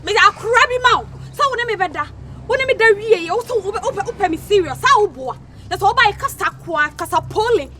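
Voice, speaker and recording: Rich: a sharp-tongued young wife with a Ghanaian accent who scolds her husband in a quick, bright, very high voice. She mocks and scolds in a rapid stream, in a comedy film. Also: animated, a little hiss or hum, heavily acted. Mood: scolding. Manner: scolding, mocking, fast-talking.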